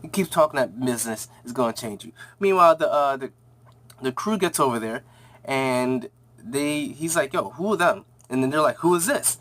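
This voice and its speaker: A man casually recapping and reviewing a TV episode, rambling in slang and acting out the characters' lines in quick voices. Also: mid-range voice, lively intonation, a bit bright.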